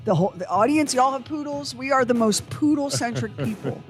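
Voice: high voice, animated, fairly quick, faint music behind. A co-host in casual chat who laughs often and drifts into playful tangents.

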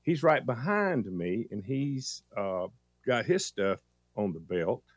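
A male morning radio host telling a funny story in an animated way. His pitch swings widely and he laughs often. The studio sound is dry and close. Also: takes it slowly, dry recording. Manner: animated storyteller, laughs often, voice jumps high when excited.

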